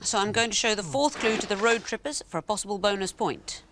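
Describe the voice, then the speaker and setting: A woman's voice: mid-range voice, quick pace, noisy background. A woman hosting a television quiz, explaining answers in a dry, explanatory way. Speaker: quiz show host.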